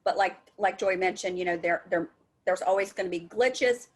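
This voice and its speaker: A woman's voice: on the low side, moderate pace. A woman on a webinar call, talking casually about her co-op center's work with many fillers and restarts. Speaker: co-op center staff, building a database. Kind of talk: webinar discussion. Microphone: video call.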